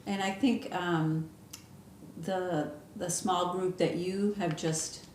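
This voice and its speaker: A woman from the United States hosts a casual interview at a library, rambling a little with fillers as she talks. Her voice sits lowish in pitch, recorded in an echoey room with faint background noise. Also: fairly even intonation, slow pace, darkish tone. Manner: chatty, many fillers and restarts. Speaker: interview host, library staff.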